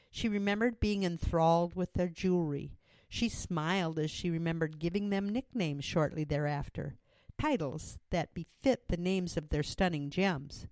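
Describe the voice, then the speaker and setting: Woman narrator telling a story, lowish voice, dry studio sound. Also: a little mellow, dry recording. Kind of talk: audiobook narration.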